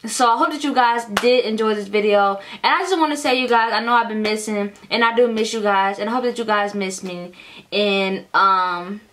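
A woman's voice: mid-range voice, normal speed. A young adult woman vlogging casually, telling a storytime full of cursing and talking straight to her viewers as y'all. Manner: animated, profane storytelling, addresses viewers as y'all.

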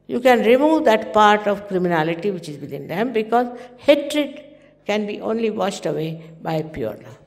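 An older Indian woman in her seventies gives a spiritual talk in an easy, anecdotal way, slipping into the voices of people in her stories. Her voice sits in a middle register and carries a long hall reverb. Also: mid-range voice. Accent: Indian English. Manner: conversational, anecdotal, acting out quoted dialogue. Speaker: spiritual teacher.

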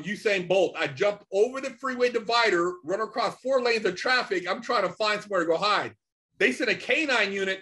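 A middle-aged man telling a story casually and animatedly, swearing often and filling pauses with "you know" and "man". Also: high-pitched. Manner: animated, swears a lot, many fillers. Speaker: podcast guest.

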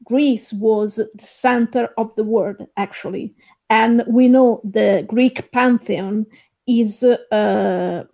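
A woman guesting on a podcast, explaining religious history in a measured way with frequent hesitations. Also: fairly high pitch, vocal fry, a little mellow. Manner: measured, hesitant with many "uh" fillers. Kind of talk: explaining, casual chat.

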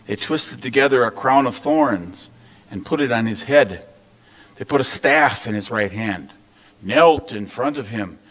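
A man's voice: mid-range voice, rough recording. Man giving a solemn scripture reading. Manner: measured, solemn reading that drops soft at line ends. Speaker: pastor. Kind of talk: scripture reading at a worship service.

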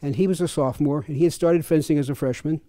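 A man's voice: a little high, fast, warm tone, dry recording, studio quality. An older man and fencing coach, telling chatty, chuckling anecdotes at a clinic. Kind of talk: casual anecdotal storytelling.

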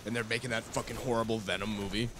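A man's voice: lowish voice, steady tone, rapid-fire, noisy background. Goofy swearing young guy gaming. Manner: goofy, profane, jokey. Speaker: co-host of a co-op let's play. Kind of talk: casual gaming banter.

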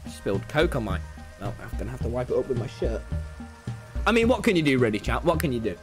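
A young man streaming a game live, talking loudly and excitably to his chat in a brash, boastful way. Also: mid-range voice, quick pace, over music. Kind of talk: livestream gaming commentary.

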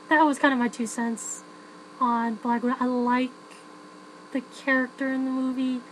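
A woman's voice: fairly high pitch, slight background noise, poor audio. A woman giving a frank, chatty spoken film review, full of fillers and restarts.

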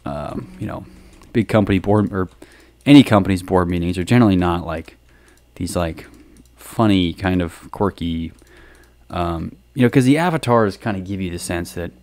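A man with a very low voice rambles through a casual monologue. He hesitates constantly, filling gaps with ums and restarting his sentences. The sound is dry and close. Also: darkish tone, no echo. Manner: hesitant, many ums and restarts, chuckling asides. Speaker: podcast host.

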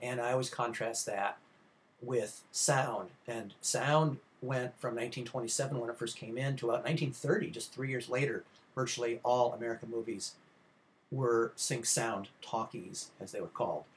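A middle-aged male instructor talking through a slide lecture on classic movies. He speaks in a casual, meandering way, filling pauses with uh and um and restarting sentences. His voice sits at an ordinary pitch for a man. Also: fairly even intonation, slight background noise. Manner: rambling and informal, many uh fillers and restarts.

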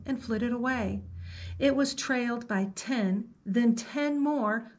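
A woman librarian reading a picture book aloud to children, slow and gentle, stopping to ask the listener questions. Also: fairly high pitch.

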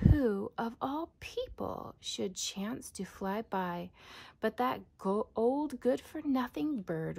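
A woman reads a rhyming children's storybook aloud in a sing-song style, frequently dropping to a soft whisper. Her voice is fairly high, creaky and husky.

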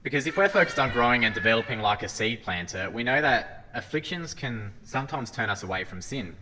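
A man's voice: medium pitch, lively intonation, fairly quick, background noise. A man giving an earnest sermon talk as a lay preacher, reading scripture and often restarting his phrases. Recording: hall reverb, faint ambience.

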